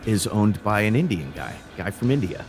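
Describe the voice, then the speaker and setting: A man's voice: fairly low pitch, sing-song, normal speed, soft background music. A man from Illinois, a guest on a livestream, telling stories in a plain-spoken, earnest way. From Illinois, USA. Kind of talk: casual chat.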